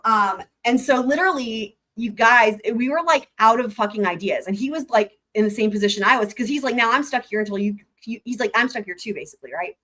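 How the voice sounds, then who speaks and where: A woman's voice: on the high side, bright, forceful tone. A woman hosting a casual livestream, chatting to her viewers as she tells a story, swearing freely and reading out chat comments. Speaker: livestream host.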